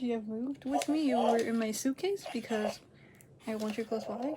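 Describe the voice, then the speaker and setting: A woman hosting a reaction video, chatting casually at home. She rambles, corrects herself and laughs often, swinging between loud excited bursts and quiet near-whispers. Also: on the high side, normal speed, heavy background noise. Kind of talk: casual chat to camera.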